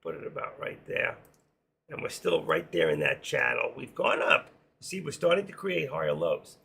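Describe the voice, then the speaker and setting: A hoarse man hosting a live trading stream, rambling casually to himself and his viewers as he works through charts. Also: lowish voice, bright, forceful tone. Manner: rambling, talks to himself while working charts. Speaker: livestream trading host.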